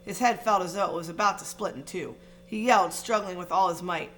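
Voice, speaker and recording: A woman narrating a fantasy novel aloud in an expressive, dramatic reading style. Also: on the low side, brisk, slight background noise. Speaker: audiobook reader. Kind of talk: storybook reading.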